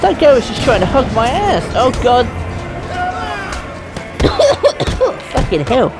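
A woman giving rowdy, profane, joking commentary while she plays a video game. Her voice sits a little high and jumps around a lot in pitch. Game music plays clearly behind her. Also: very animated, takes it slowly. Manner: loud, profane, playful, rowdy. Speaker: gaming streamer. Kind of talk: let's play commentary.

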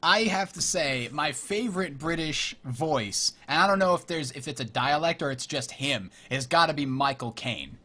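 A man's voice: a little high, animated, normal speed, hardly any pauses, sharp tone. A man hosting a podcast, chatting playfully and laughing often. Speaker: podcast host. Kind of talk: casual chat.

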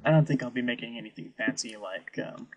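A let's play host offers wry, musing commentary while playing a video game. His voice sits at medium pitch and moves at a quick pace, and the audio is poor.

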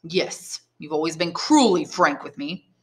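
A woman's voice: deep voice, expressive, measured pace. A woman reading aloud, voicing a nervous young man of about twenty who presses his case earnestly in her near-usual voice. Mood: pressing. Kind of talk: audiobook reading.

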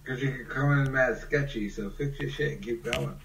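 A man's voice: mid-range voice, moderate pace, vocal fry, a bit bright, a little hiss or hum. A male host bluntly trying to keep order among arguing callers. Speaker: show host. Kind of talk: moderating a call-in argument. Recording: echoey, distant call audio.

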